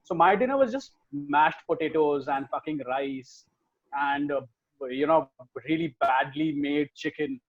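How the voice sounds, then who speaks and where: A man co-hosting a podcast, reading viewer comments and telling stories in a casual, swearing, animated way. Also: fairly high pitch, a little slow, dull audio. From India. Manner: swears freely, animated storytelling. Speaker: podcast co-host.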